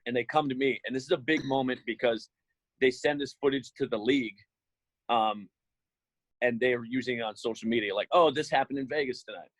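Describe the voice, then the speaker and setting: A man who works as an arena emcee, telling an embarrassing story in a relaxed, self-mocking way on a panel. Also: mid-range voice, brisk, no echo, rough recording. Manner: laid-back, amused, self-mocking storyteller.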